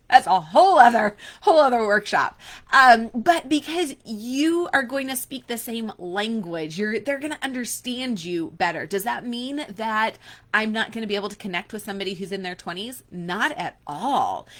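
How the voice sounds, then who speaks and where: A woman's voice: medium pitch, a bit bright. A woman in her forties coaching listeners in a casual workshop, chatty and upbeat, speaking straight to the listener. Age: 40s. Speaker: online business coach.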